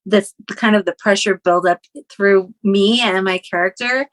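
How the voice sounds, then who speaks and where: A woman's voice: medium pitch, moderate pace. A woman podcast guest talks through her thoughts in a casual, reflective chat. She sounds hesitant and searches for words, often repeating herself before she settles on a point.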